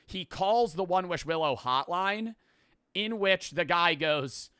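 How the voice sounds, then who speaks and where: A man's voice: sits high, expressive, slow, bright, forceful tone, clear, resonant tone, dry recording, studio quality. A man hosting a podcast, rambling through a profane, casual plot recap full of filler words. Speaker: podcast host. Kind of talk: casual storytelling.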